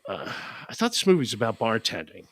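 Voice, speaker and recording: A man's voice: on the low side, wildly swooping pitch, quick pace, no echo. Sarcastic male podcast host, dry sound. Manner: sarcastic, mocking. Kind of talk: casual comedic movie recap.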